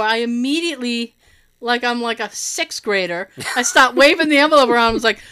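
Animated, bright-voiced woman telling a story. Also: fairly high pitch, a little fast, clean tone. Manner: animated, swearing, laughing often. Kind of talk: casual storytelling.

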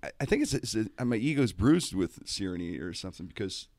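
A man's voice: fairly low pitch, a little fast, no room sound. A man telling a story in casual talk-show chat, slipping into comic voices. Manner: animated, does comic voices mid-story.

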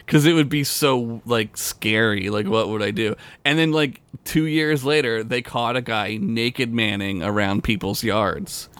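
A man's voice: mid-range voice, huge pitch swings, takes it slowly, fairly bright tone, no room sound. A man co-hosting a podcast, trading crude jokes and laughing often in casual banter. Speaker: podcast co-host.

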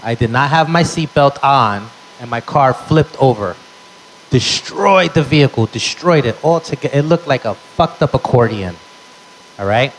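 A man's voice: mid-range voice, animated, measured pace, slight background noise, low-quality recording. Brash, profane stand-up comic man. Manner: brash, profane, mixing in Spanish phrases. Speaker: stand-up comedian. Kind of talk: stand-up storytelling.

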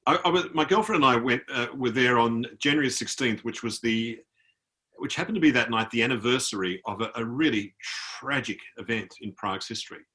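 An Australian author, appearing as a guest on a video call, tells an anecdote in conversation and mimics the people he met. His medium-pitched voice is bright and forceful, and he speaks a little fast.

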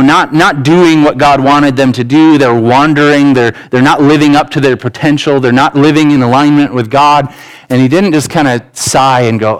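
A man's voice: mid-range voice, rough recording. Man preaching a conversational sermon. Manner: conversational preaching with personal stories; acts out quoted voices in dialogue. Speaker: pastor. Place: church sanctuary.

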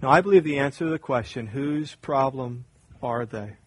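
A man preaching a sermon with an emphatic style, repeating phrases and building to loud fervor. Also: medium pitch, moderate pace, slight background noise, poor audio. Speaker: pastor.

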